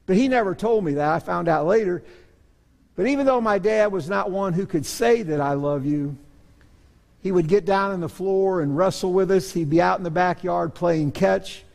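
A middle-aged pastor preaching in a church sanctuary, telling family stories with an earnest, self-deprecating touch. His voice sits high and has a gravelly edge, and it rings with the long reverb of the room. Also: moderate pace, darkish tone. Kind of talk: sermon.

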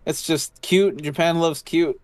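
A man with a smooth, clear voice pitched a little high talks loosely on a podcast. He rambles, swears freely and leans on "like" as he goes. The sound is close and dry, with no room around it. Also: fairly even intonation, measured pace, a little mellow, dry recording. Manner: rambling, swears often, heavy use of "like". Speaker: podcast co-host. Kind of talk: casual chat.

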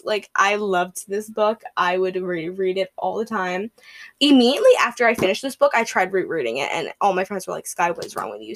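Young woman, casual podcast host, rambling and excited, fillers throughout, dry close sound. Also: medium pitch, no room sound. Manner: gushing, rambling with many fillers and "like". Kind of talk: casual book review chat.

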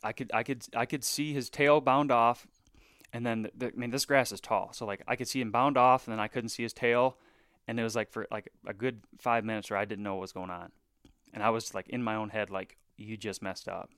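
A man recounting a bowhunt in a casual podcast chat, animated and full of fillers, sometimes dropping into hushed asides. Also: medium pitch, brisk, smooth, no echo, studio quality. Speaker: bowhunter guest.

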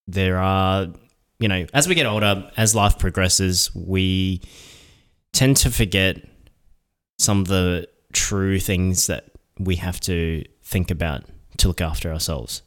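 A man co-hosting a podcast, chatting casually in a relaxed, rambling way with loose slang. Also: low-pitched, slow pace. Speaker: podcast co-host.

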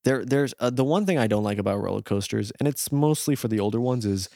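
A man's voice: mid-range voice, expressive, quick pace, gravelly, warm tone, no echo, clean studio sound. A man co-hosting a podcast, chatting casually in a playful, joking way with some swearing. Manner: playful, swearing, goofy voices and laughs. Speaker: podcast co-host.

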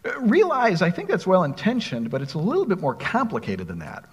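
Expressive preacher with husky voice in a reverberant hall. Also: male voice, sits high, fairly quick. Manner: expressive preaching, reads scripture aloud, asks the congregation questions. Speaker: pastor. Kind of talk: sermon.

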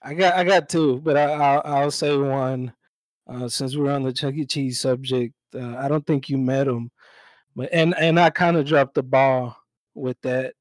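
A man's voice: mid-range voice, a little slow, dry recording, poor audio. Laid-back young man telling a work story. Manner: relaxed, swears freely, acts out both sides of his stories. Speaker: podcast co-host. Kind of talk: casual storytelling chat. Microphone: own mic, remote call.

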